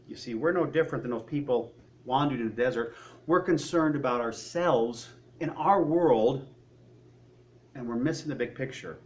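A man's voice: medium pitch, normal speed, a little hiss or hum. A man preaching a sermon, acting out the voices of worried people and of God as he goes.

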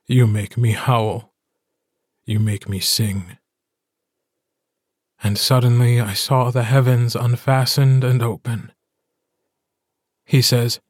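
A man narrating a short story as an audiobook, reading in a slow, measured way. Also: mid-range voice, darkish tone, no echo, studio quality. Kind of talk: scripted narration.

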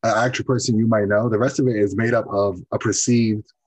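Guy hosting a chill interview, kinda husky, earnest, lots of likes and you knows. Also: lowish voice, steady tone, brisk, darkish tone, rough recording. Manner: earnest, praising, many fillers. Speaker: podcast host. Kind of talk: casual conversational interview.

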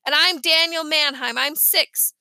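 Cheeky little boy, excitable, high voice, dry close sound, read by a woman. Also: unhurried, creaky, no echo, full character voice.

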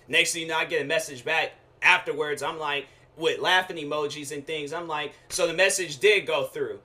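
A young man with a bright, forceful voice that sits a bit high for a man, telling a frustrated story on his podcast. He talks in a loose, slangy way, full of fillers and quick asides. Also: fairly even intonation. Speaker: podcast host. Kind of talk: casual rant.

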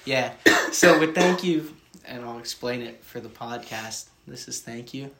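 A man's voice: medium pitch, unhurried, slight background noise. Laughing, foul-mouthed young man. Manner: animated, laughing storyteller who swears freely. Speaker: podcast co-host. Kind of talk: casual chat.

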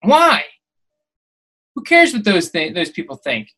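A man's voice: high-pitched, huge pitch swings, measured pace, pushed and bright, poor audio. Man, podcast host, motivational monologue, preachy, exhorting, emphatic.

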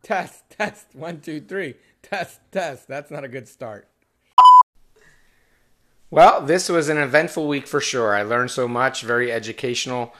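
A man's voice: mid-range voice, a little slow, a bit bright. A man hosting a casual podcast, swearing and laughing at himself as he restarts his intro again and again. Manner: profane, self-mocking, restarts often. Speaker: podcast host.

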